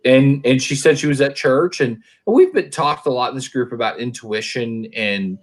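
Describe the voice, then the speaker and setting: Chatting casually, this middle-aged Oklahoman tells rambling stories full of restarts. He talks at a moderate pace with a medium-pitched voice.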